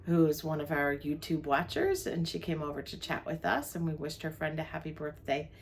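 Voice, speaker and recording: Speaking fairly quickly in a deep voice, this older New Jersey woman co-hosts a casual travel vlog. She's chatty, running through the day's plans as she talks about her day. Slight background noise is audible.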